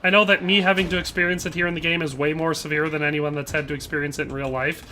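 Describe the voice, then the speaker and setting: Over slight background noise, a man with a bright, forceful, high-ish voice comments casually at a quick pace, his intonation fairly even. He's live-streaming a shooter game, reading viewer comments and rambling with playful tag phrases.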